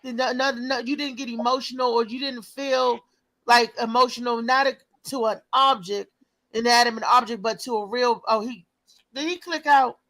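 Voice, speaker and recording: A woman hosting a casual talk show, lively and prone to repeating words as she starts a thought. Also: fairly high pitch, moderate pace, poor audio. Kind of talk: casual call-in chat.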